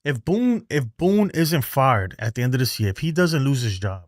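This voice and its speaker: A man's voice: mid-range voice, very animated, moderate pace, no echo, clean studio sound. A man hosting a baseball fan show, ranting heatedly on a livestream and reading chat messages, exasperated, profane, and often repeating himself.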